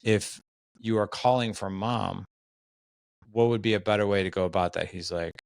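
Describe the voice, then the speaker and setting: Low, gravelly male podcast guest. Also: steady tone, normal speed, no echo. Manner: storytelling, voices quoted dialogue. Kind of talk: casual podcast conversation.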